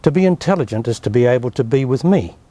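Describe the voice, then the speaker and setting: An Australian-accented spiritual teacher, speaking fast and animatedly in a mellow mid-range voice, answers interview questions emphatically and bluntly. He brushes off objections dismissively.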